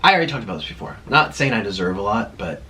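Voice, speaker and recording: A man's voice: lowish voice, sing-song, very fast, sharp tone, a little hiss or hum. A man chatting casually while eating on camera, rambling and laughing at himself. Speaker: mukbang vlogger.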